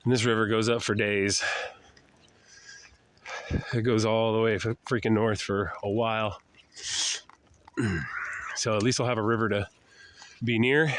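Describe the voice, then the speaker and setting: A man's voice: mid-range voice, slight background noise. Older man, nasal with a cold. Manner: rambling, drawling, with sighs and throat clearing. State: sick with a head cold, nasal. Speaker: traveling vlogger. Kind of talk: casual walking vlog. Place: outdoors, walking along roads and a river valley.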